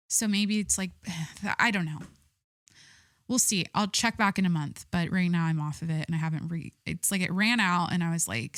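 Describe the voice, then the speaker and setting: A woman's voice: lowish voice, fairly bright tone, no echo, clean studio sound. Rambling, foul-mouthed woman podcaster. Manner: rambling, swears often, many fillers. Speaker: podcast host. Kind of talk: casual solo chat.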